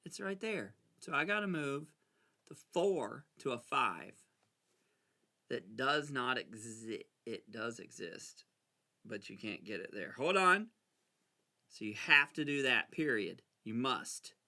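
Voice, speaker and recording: A man casually talking himself through a card game, anxious and excitable, arguing with himself as he plays. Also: medium pitch, slow pace. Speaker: gameplay video creator. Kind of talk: casual talk over a solitaire game.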